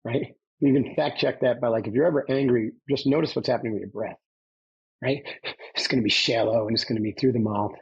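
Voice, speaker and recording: A former Navy SEAL appears as a podcast guest, telling his story conversationally in an emphatic, coaching manner and frequently asking "right?". His voice is medium-pitched, creaky and a bit breathy, with fairly even intonation and a fairly quick pace. The audio is lo-fi.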